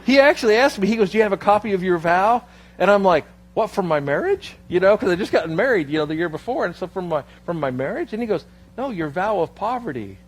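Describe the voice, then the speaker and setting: A man preaching a sermon as pastor, telling a personal story with lively quoted dialogue before turning to scripture. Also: high voice, fast, slightly rough. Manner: storytelling, animated, quoting others in his anecdotes. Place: church sanctuary.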